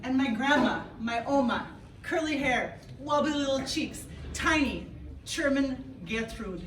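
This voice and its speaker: A woman's voice: sits high, unhurried. A woman in her thirties from Canada, telling a comic story on stage and talking to the audience. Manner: playful, lively, talks to the audience. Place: event hall before a live audience. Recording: echoey hall, mic from a distance, noisy.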